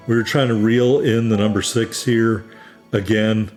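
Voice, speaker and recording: A man from New England talks through a horse racing video game in an easygoing, wry, self-deprecating way. His voice sits somewhat low, and soft game music plays faintly behind him. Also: steady tone, unhurried. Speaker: gaming YouTuber. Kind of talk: let's play commentary.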